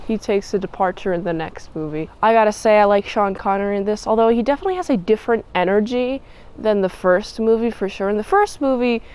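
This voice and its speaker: A woman's voice: mid-range voice, fast talker, darkish tone, smooth, low-quality recording. A woman giving a chatty, playful movie review outdoors in cold wind, shivering as she talks. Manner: chatty, gushing, playful asides.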